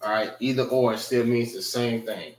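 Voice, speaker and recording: A man teaching an informal class, explaining words slowly, often checking in with "all right" and speaking. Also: medium pitch, steady tone, reverberant, low-quality recording. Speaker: class instructor.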